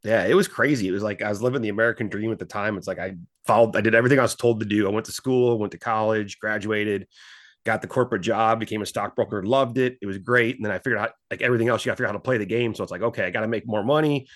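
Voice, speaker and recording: A man's voice: on the low side, very fast, fairly bright tone, dry recording, studio quality. A man in his forties, a former stockbroker turned entrepreneur, telling his story casually and acting out his own past dialogue in quotes. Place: Fort Worth, Texas.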